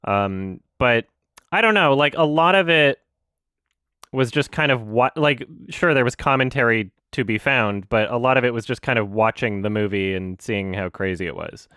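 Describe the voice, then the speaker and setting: A man hosting a casual group call, rambling and halting with many fillers. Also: medium pitch, pushed and bright, clear, resonant tone, no echo, clean studio sound.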